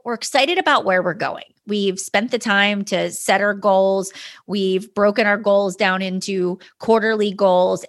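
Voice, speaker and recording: A woman's voice: medium pitch, fairly bright tone. A woman in her thirties hosting a solo podcast from home, telling personal stories in an earnest, motivational way. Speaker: podcast host. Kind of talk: casual solo podcast talk. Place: home, indoors.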